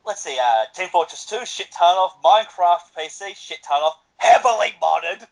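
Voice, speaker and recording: A man's voice: high voice, lively intonation, normal speed, creaky, rough recording. Een man die als medepresentator kortaf en bot over games praat en losjes vloekt. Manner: blunt, terse, swears casually. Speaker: podcast co-host. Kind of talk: casual gaming podcast chat.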